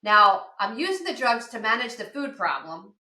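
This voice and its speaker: A woman's voice: fairly high pitch, normal speed. A woman in her fifties from outside Philadelphia, telling her own story as a podcast guest and acting out past conversations. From outside Philadelphia, USA. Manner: lively storyteller who acts out past dialogue. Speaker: podcast guest, addiction counselor. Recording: roomy echo.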